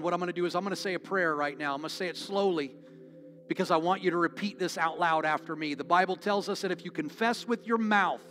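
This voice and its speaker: Male pastor, altar call, pitched a little high, pleading and repetitive, faint music underneath. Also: a bit bright. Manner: earnest, pleading, repetitive appeals. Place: church sanctuary.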